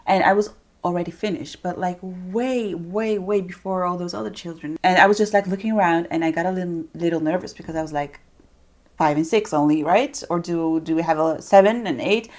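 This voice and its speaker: Chatty, animated young woman vlogger. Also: fairly low pitch, fairly quick. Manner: chatty and animated, with playful asides. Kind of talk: casual talk to camera.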